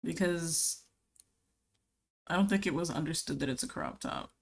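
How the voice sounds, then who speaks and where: Young woman art streamer with a lowish voice, talking casually and chattily while drawing. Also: normal speed, vocal fry. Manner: chatty, rambling, answers chat messages aloud.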